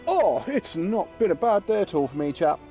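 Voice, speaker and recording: A man's voice: sits high, sing-song, moderate pace, warm tone, soft background music. A man, chatting casually and joking with viewers while streaming a game. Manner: chatty, jokey, talks to his viewers. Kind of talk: casual live-stream chat.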